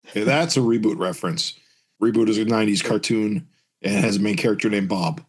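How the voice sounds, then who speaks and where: A man's voice: fairly low pitch, fairly quick, breathy edge. A man co-hosting a podcast, recapping a comic book and acting out the characters' lines in raised voices. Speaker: podcast co-host reading a comic aloud.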